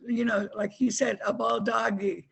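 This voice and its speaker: A woman's voice: a little high, level tone, normal speed, vocal fry, breathy edge, poor audio. A woman student asking a question in class, hesitant with many fillers. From Oklahoma.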